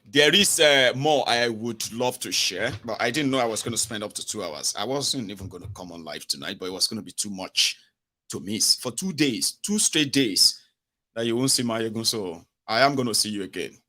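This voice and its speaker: A live show host with a Nigerian accent runs a casual political commentary livestream, speaking animatedly, acting out the voices he quotes and dropping asides in Pidgin. His voice is fairly low and expressive with a sharp tone, at a moderate pace.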